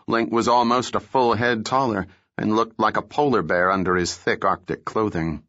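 A man narrating a thriller novel in a steady, measured storytelling voice, recorded close to the mic. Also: on the low side, dry recording, muffled recording. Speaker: audiobook narrator.

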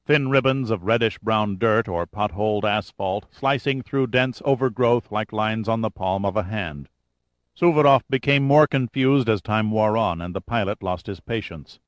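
A man narrating an audiobook thriller in a steady, measured voice. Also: on the low side, no room sound. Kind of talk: scripted narration.

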